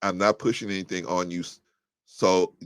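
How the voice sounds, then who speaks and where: Blunt low-voiced male talk show host. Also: steady tone, moderate pace, fairly bright tone, clean tone, no room sound. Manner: blunt and combative, rising sharply when heated; restarts and fillers, thinking aloud. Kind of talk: live call-in talk show, reading chat comments.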